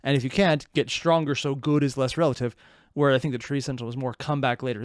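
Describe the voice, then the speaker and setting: A man giving casual reaction commentary in a chatty way, with animated outbursts. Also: fairly high pitch, a little fast, no room sound, clean studio sound. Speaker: reaction video host.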